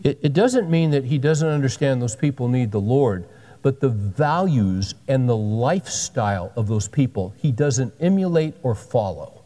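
A man's voice: medium pitch, lively intonation, normal speed, mellow, long reverb tail. A pastor in his sixties giving a sermon with folksy, joking asides. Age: 60s.

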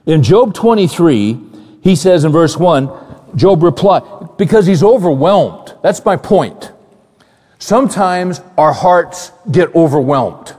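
A male pastor preaching a sermon in a conversational, animated way, repeating phrases and asking the congregation questions. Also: on the high side, takes it slowly. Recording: long hall reverb.

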